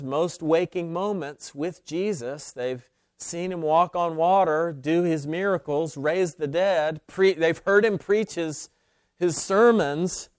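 A man's voice: fairly high pitch, smooth, no echo, studio quality. A man preaching a sermon, opening with prayer and building to emphatic, rising points. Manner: slow, deliberate preaching that builds to emphatic peaks. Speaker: pastor.

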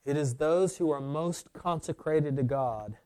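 A man preaching a sermon, moving from loud emphatic declarations to hushed, near-whispered lines. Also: on the high side, unhurried, clean tone, no room sound.

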